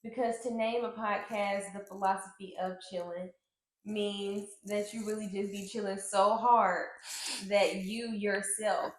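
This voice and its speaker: A woman's voice: mid-range voice, level tone, measured pace. A woman co-hosting a podcast in casual chat, talking frankly with many fillers and casual swearing. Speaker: podcast co-host. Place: indoor room, on a couch. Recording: echoey room, faint noise.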